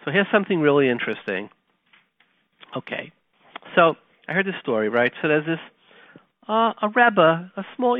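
A man hosting a radio talk show, telling a story and teaching Torah, animated and conversational, dropping to quiet retellings. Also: on the high side, no echo. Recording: tinny phone-like line, dry.

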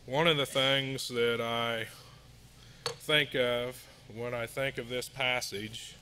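Slow-speaking man preaching in a house church. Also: medium pitch, fairly even intonation, bright, forceful tone, slight background noise. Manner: slow, measured delivery with reading of scripture and hymn lyrics. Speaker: lay preacher. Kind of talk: sermon. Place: house church meeting room.

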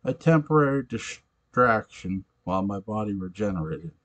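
Smug male vampire husband, low and slow, storybook reading; a man puts him on. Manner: calm, smug reassurance.

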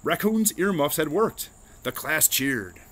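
A man reading a children's picture book aloud in an expressive storytelling manner. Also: a little high, slow, a little hiss or hum. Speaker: reader.

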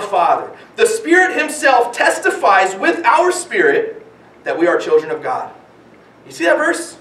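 A man with a very high voice preaches from the pulpit, stacking up rhetorical questions and repeating key phrases for weight. The sound comes from a distance in a roomy church, with a lot of echo around his words. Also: a bit bright. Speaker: pastor. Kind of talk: sermon. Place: church sanctuary.

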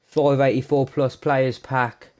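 A young man commentating his own football video game, sweary, excitable and full of jokey banter. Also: mid-range voice, takes it slowly, muffled recording. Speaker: gaming YouTuber. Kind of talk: live gameplay commentary.

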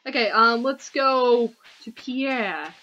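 A woman's voice: a little high, slow, pushed and bright, muffled recording, slight background noise. A young Australian woman hosting a casual gaming session, chatty and playful as she guides her friend through the game. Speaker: gaming channel host. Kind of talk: casual gameplay chat.

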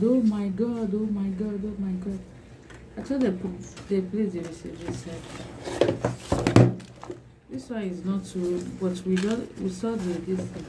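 A woman talks through an unboxing for her vlog, drawn out and slow. She gushes and says each exclamation again and again, laughing between phrases. A clear noisy hiss sits under the whole recording. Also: medium pitch, steady tone, mellow. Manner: gushing, repeats exclamations over and over; laughs often between lines. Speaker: vlogger.

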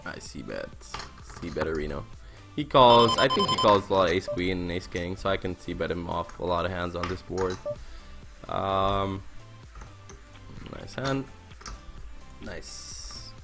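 A man's voice: sits low, measured pace, vocal fry, long pauses, over music. A young man in his twenties streaming poker, telling a story casually with lots of fillers and swearing. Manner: excitable storyteller, laughing. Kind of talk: casual live-stream chat while playing poker.

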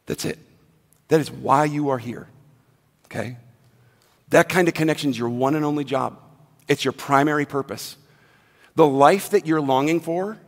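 A pastor delivering a sermon in a casual, conversational way, swinging from hushed asides to loud, emphatic points. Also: male voice, medium pitch. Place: church sanctuary. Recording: long hall reverb, faint music behind.

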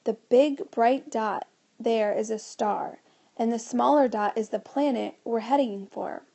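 A stern grown-up scientist explains things in a patient lecturing way, as a woman reads him aloud. The voice is mellow and dark with a gravelly edge, fairly high for a man. It is a storybook reading. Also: measured pace.

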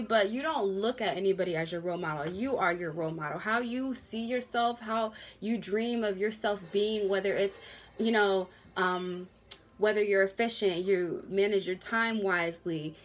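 Woman reading tarot at her desk, chatty, lots of okays, middle pitch. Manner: chatty, drawn-out words, frequent okays. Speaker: tarot reader. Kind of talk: casual tarot reading to camera. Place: home workstation. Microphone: desk camera at a workstation.

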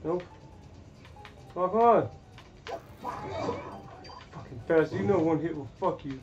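A man cursing and reacting loudly while playing a video game. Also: on the high side, slow, dull audio. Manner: swearing, frustrated outbursts. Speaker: gamer. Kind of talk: gameplay commentary.

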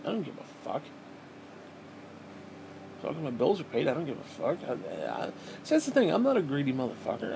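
A man's voice: on the high side, very animated, brisk, vocal fry, pauses often, noisy background. A man venting in a bitter, profane, rambling monologue to camera as a vlogger, often restarting his sentences.

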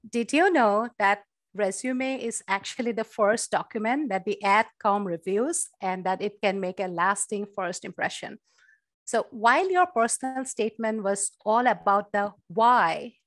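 A woman's voice: medium pitch, unhurried, dry recording, studio quality. A woman professor giving an online workshop, explaining at length with many uh and you know fillers. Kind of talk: online presentation. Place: virtual talk from home or office. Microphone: computer mic on video call.

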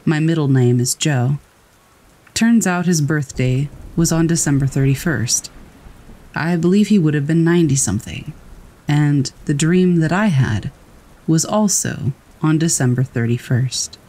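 A man reading scary first-person stories aloud in a calm, steady storytelling voice. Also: fairly high pitch, unhurried. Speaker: narrator. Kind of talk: scripted narration of scary stories. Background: rain.

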